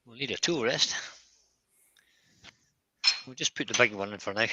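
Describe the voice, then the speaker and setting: A man giving a relaxed, chatty woodturning demonstration in his workshop. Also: medium pitch, normal speed, long pauses, dry recording, muffled recording.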